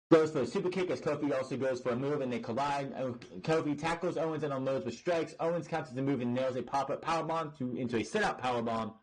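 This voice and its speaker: A man's voice: mid-range voice, rough recording. Exasperated, swearing man ranting. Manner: exasperated, profane, rambling with restarts. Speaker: podcast host reviewing wrestling. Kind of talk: ranting review.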